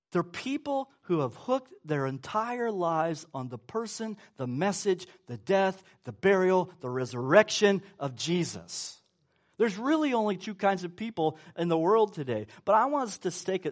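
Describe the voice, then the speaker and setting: Male pastor, sermon delivery, emphatic, questions to the room; high voice, swooping intonation. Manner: emphatic, call-and-response with congregation.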